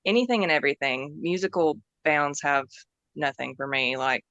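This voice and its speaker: A woman's voice: low voice, moderate pace, fairly bright tone, no room sound, muffled recording. A woman, a band member chatting in a bubbly way as a podcast guest. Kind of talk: casual podcast interview.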